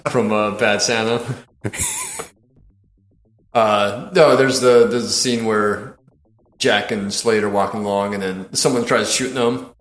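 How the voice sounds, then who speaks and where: Man, podcast host, casual film chat, excited scene recaps, frequent laughter, echoey room. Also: lowish voice, unhurried, long pauses. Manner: animated retelling of scenes, laughs often, swears.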